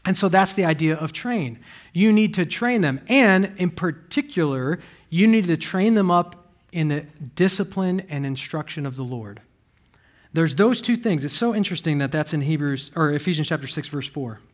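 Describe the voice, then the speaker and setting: A man preaching a sermon as a pastor, shifting between quiet earnest passages and loud animated ones. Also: fairly high pitch, moderate pace. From United States.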